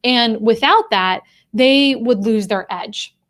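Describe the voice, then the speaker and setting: A woman's voice: fairly high pitch, slow pace, fairly bright tone. Woman coaching viewers on a live stream. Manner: direct, conversational, addresses viewers. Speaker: career coach and professor of human behavior.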